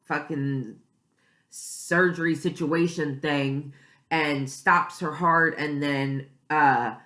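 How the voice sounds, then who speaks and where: A woman's voice: low voice, steady tone, takes it slowly, bright, forceful tone, echoey room. A woman vlogger talking in a casual, emotional and rambling way, filling her sentences with "like". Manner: emotional, rambling, many "like" fillers. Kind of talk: casual reaction vlog.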